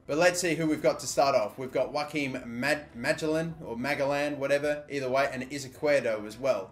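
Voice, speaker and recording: A young Australian man giving live, excitable commentary on a football video game, swearing often and shouting at big moments. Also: medium pitch. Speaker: gaming YouTuber.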